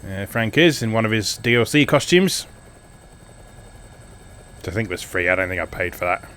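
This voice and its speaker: A man's voice: on the low side, animated, normal speed, pushed and bright, a little hiss or hum. A man giving casual, wry gameplay commentary as host of a retro game video, chatty with plenty of fillers.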